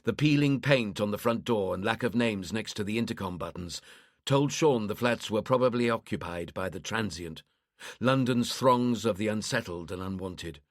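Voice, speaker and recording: A man's voice: fairly low pitch, moderate pace, no room sound. Man narrating a crime thriller, dry sound. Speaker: audiobook narrator.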